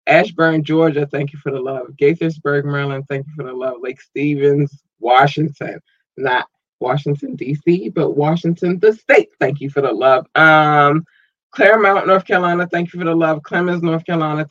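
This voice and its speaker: A man hosting a podcast, playfully giving casual shout-outs to his listeners and jumping into high squeals. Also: dry recording, lo-fi sound. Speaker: podcast host.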